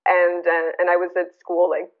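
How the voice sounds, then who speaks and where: A woman's voice: on the low side, completely flat delivery, moderate pace. An American woman in her thirties, a guest artist telling a story in a casual interview, earnest and searching, full of restarts and fillers. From United States. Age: 30s. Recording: tinny phone-like line.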